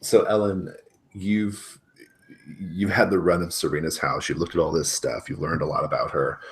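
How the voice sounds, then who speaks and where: Very deep-voiced male game master. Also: steady tone, moderate pace. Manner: casual, rambling, laughs often. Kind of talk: narrating a tabletop role-playing game.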